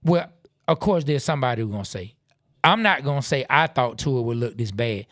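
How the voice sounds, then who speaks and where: A man co-hosting a casual live-stream podcast, reading out viewer comments with relaxed asides. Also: medium pitch, brisk, no room sound, clean studio sound. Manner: laid-back, reads viewer comments aloud with asides. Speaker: podcast co-host.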